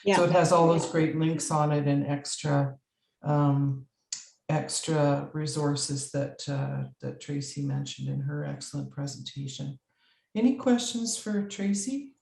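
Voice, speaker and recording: A woman's voice: deep voice, measured pace, creaky, darkish tone, reverberant, rough recording. A woman facilitating an online session, friendly and hesitant, with many fillers.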